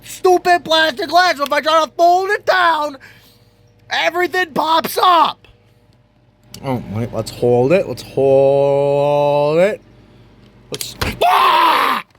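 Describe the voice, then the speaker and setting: A young man, a student vlogger, ranting to the camera in exasperation, swearing constantly and breaking into shouts. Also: very high voice. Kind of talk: profane rant to camera.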